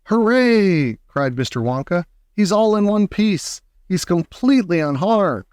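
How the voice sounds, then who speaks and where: A man voicing an eccentric, excitable old male candy maker in an audiobook, with theatrical exclamations. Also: high voice, moderate pace, clean tone, no room sound, studio quality, voice pushed up. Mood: excited. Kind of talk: audiobook character voice.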